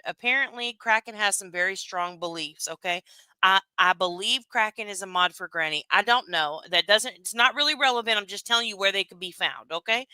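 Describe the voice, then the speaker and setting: A woman streamer telling a story to her chat in a loose, gossipy way, full of fillers and asides. Her voice is bright and clear, and the sound is dry and close. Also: medium pitch, dry recording. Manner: chatty, gossipy, laughs often, lots of fillers.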